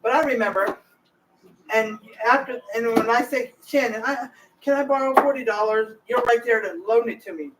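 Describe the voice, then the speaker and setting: A woman's voice: fairly high pitch, moderate pace, far from the mic, noisy background. Rambling woman chatting while she cooks. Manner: rambling, talks straight to viewers. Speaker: home cooking vlogger. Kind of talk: casual cooking chat. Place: home kitchen.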